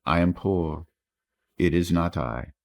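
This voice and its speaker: A man's voice: low-pitched, gravelly, a little mellow, full character voice. A man voicing a grave young Italian fisherman. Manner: grave, earnest, halting. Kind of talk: audiobook reading.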